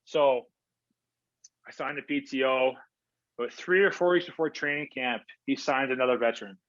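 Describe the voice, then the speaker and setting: A man from Canada, a guest who plays hockey, tells stories at a moderate pace in a mid-range, slightly bright voice. He's chatty, leans on fillers, and replays dialogue in quotes during this casual interview, captured in dry, dull lo-fi sound.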